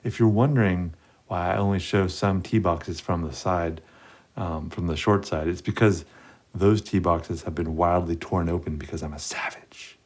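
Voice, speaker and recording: A man's voice: low-pitched, normal speed, a little mellow. A man casually reviewing teas in a chatty, rambling vlog. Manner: rambling, self-deprecating, chatty. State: out of breath.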